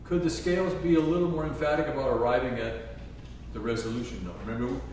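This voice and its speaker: A man's voice: medium pitch, expressive, fast, a little mellow, slight background noise. A man teaching a trombone masterclass, breaking into scat-sung phrases to show how passages should go. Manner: scat-sings musical phrases to demonstrate. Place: chapel used as a concert hall. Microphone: distant room mic. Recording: echoey hall from far off.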